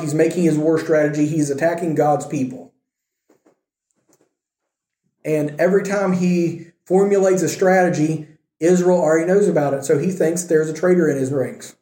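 Man, Bible study teacher, casual storytelling, fairly high voice, mellow tone, echoey room. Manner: conversational, storytelling, wry asides.

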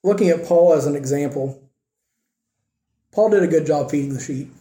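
A man's voice: fairly high pitch, normal speed, dark tone, roomy sound. A man preaching a sermon in an earnest, conversational way with rising emphasis.

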